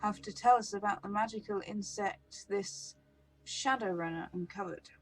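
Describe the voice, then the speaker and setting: A woman's voice: medium pitch, moderate pace, soft background music, lightly acted, poor audio. A woman voicing a cold, wealthy older man who speaks in a clipped, formal, commanding way.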